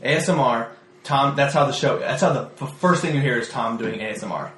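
A man's voice: mid-range voice, fairly quick, fairly bright tone, roomy sound, a little hiss or hum. A man hosting a casual podcast chat over a meal in a small studio, effusive and enthusiastic, swearing casually. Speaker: podcast host. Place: small home podcast studio with foam panels.

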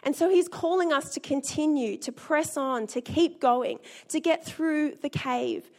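A woman's voice: sits high, measured pace, darkish tone. A woman, preaching a sermon as a pastor in an earnest, storytelling way.

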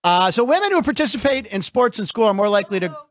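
High-voiced joking male sports show host. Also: fast talker, no echo, studio quality. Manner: animated, jokey, puts on mock announcer voices. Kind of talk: joking radio-style banter. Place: studio.

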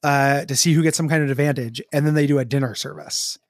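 A man's voice: fairly high pitch, steady tone, fast, no room sound, studio quality. A man co-hosting a casual chat, joking crudely and laughing often. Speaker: podcast co-host.

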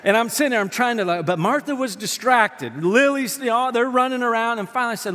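High-voiced pastor preaching in a reverberant hall. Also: male voice, fast, few pauses. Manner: humorous, animated storytelling. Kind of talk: sermon. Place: church sanctuary. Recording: long church-hall reverb.

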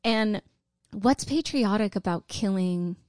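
A woman's voice: medium pitch, takes it slowly, a little mellow, no echo, studio quality. A woman co-hosting a casual podcast, indignant and exasperated, often restarting her sentences. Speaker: podcast co-host.

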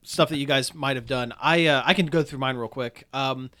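A male podcast co-host chats casually, rambling through a story packed with fillers. His mid-range voice is bright and forceful, at a normal speed.

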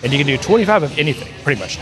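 Speaking very fast over music, a man with a voice on the high side sounds very animated. He's a podcast co-host and software integration developer, rambling and self-correcting as he eagerly explains integration work in a casual technical discussion.

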